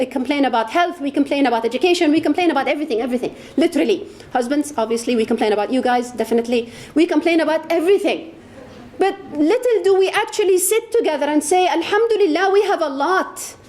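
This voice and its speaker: A woman's voice: high voice, a little mellow. A woman giving an impassioned religious talk to an audience, repeating words for emphasis. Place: lecture hall.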